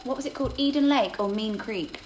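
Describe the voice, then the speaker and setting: A woman, chatting casually on a phone livestream, reading out viewer questions and answering them with a self-deprecating, quick-to-laugh manner. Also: fairly high pitch, slight background noise, poor audio. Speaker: host of a livestream Q&A.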